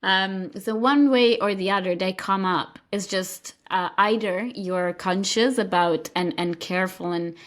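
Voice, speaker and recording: A woman's voice: medium pitch, measured pace, hardly any pauses, fairly bright tone. A woman guest on a podcast, chatting reflectively and laughing lightly between thoughts. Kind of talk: casual chat.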